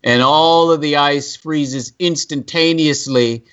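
A podcast co-host giving an animated, mocking movie review in casual chat. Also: mid-range voice, muffled recording. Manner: animated, emphatic, mocking, quick to laugh.

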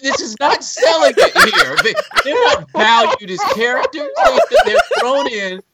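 A podcast co-host giving an animated, mocking movie review in casual chat. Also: high-pitched, very noisy. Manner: animated, emphatic, mocking, quick to laugh.

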